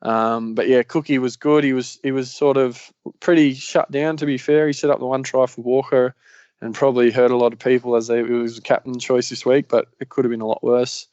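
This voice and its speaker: A man's voice: mid-range voice, little pitch movement, brisk, a little mellow, dry recording. A man with an Australian accent hosting a casual sports podcast, rambling along with lots of ums and yeahs. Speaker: podcast host. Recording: slightly muffled lo-fi recording.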